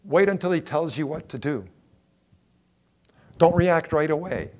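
A man preaching a sermon, earnest, repeating key phrases for emphasis and swinging between quiet and emphatic delivery. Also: a little high, lively intonation, measured pace. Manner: earnest, repetitive emphasis, rising and falling in intensity.

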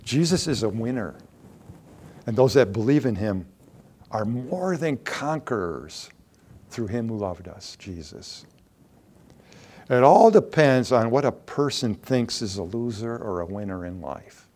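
A man's voice: mid-range voice, expressive, measured pace, a little mellow. A man preaching a conversational sermon to a congregation, growing emphatic when he acts out quoted lines.

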